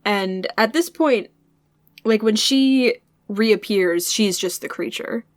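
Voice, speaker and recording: A woman's voice: medium pitch, takes it slowly, no room sound, clean studio sound. A woman co-hosting a casual book podcast, wryly retelling scenes as dialogue and laughing often. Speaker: podcast co-host.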